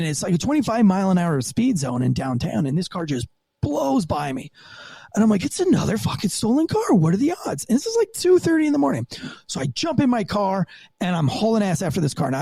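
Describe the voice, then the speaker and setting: A man telling a profane, animated story from his rookie years as a police officer, as a podcast guest. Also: sits high, gravelly, no room sound, studio quality. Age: young adult. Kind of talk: casual storytelling interview.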